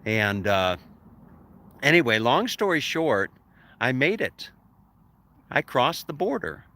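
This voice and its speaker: A man's voice: mid-range voice, sing-song, slow pace, pushed and bright. A man vlogging about his travels, rambling through a chuckling anecdote with many fillers. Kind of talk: casual storytelling to camera.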